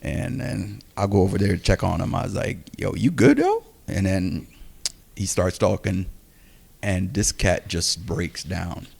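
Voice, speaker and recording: A man with a gravelly, fry-edged voice sitting a little low in pitch tells a casual story on a podcast. He is animated and acts out the quoted lines of the people in it. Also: measured pace.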